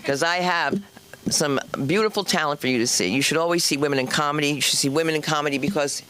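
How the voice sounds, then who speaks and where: A woman's voice: low-pitched, fast talker, fairly bright tone. A woman hosting a stand-up comedy night, chatty and teasing the audience. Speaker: comedy show host. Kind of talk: stand-up crowd work. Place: comedy club stage.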